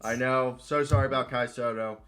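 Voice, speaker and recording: A man's voice: mid-range voice, steady tone, a little fast, a bit bright, smooth, soft background music. A young man from Minnesota co-hosting a casual talk show, rambling and swearing his way through stories. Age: young adult. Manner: rambling, profane storytelling. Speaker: co-host. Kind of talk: casual chat.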